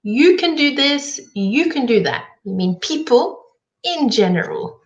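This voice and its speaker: A woman teaching an online English lesson, explaining words clearly and encouragingly. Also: high voice, sing-song, unhurried, lo-fi sound.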